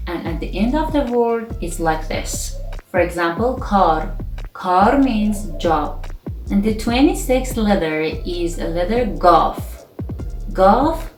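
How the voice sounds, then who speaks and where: A woman whose first language is Persian, teaching the alphabet in English, calmly explaining each letter step by step. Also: fairly low pitch. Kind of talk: slow, patient alphabet lesson. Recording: echoey room with faint music.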